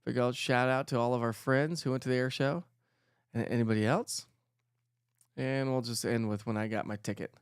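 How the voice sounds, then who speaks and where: A man's voice: medium pitch, steady tone, normal speed, smooth, no echo, studio quality. A middle-aged man hosting a casual weather livestream, chatting with viewers and reading their comments aloud. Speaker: weather show host.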